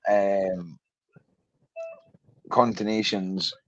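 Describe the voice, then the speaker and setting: A man's voice: deep voice, takes it slowly, a bit bright, highs cut off. A man hosting a podcast who stumbles and laughs at himself while reading legal text aloud. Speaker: podcast host.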